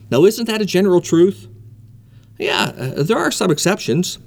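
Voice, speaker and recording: Man preaching, fairly high voice, emphatic, repeats points. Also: very animated, normal speed, gravelly. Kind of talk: sermon.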